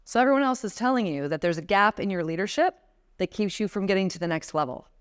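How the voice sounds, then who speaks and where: A woman in her forties speaks with a smooth, resonant voice at an everyday pitch, addressing a seated audience at a conference. She coaches them step by step through breathing and calming exercises in the tone of a motivational speaker. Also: quick pace. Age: 40s. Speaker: guest speaker. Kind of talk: motivational talk to a live audience.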